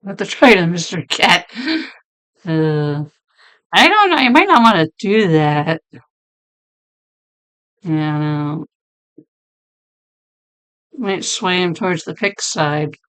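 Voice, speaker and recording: Female streamer, casual chat with chat; low, clear voice gone deep and hoarse from illness. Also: takes it slowly, long pauses, fairly bright tone. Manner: chatty, laughing, talks to chat by name. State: losing her voice, deep sick voice.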